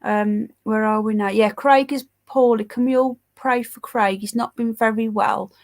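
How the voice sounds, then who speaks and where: A woman's voice: on the high side, fairly even intonation, normal speed. Congested, sarcastic woman livestreamer. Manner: sarcastic, scornful commentary, chatty asides to viewers. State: congested with a head cold. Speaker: livestream news host. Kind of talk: casual livestream chat, reading headlines and live chat.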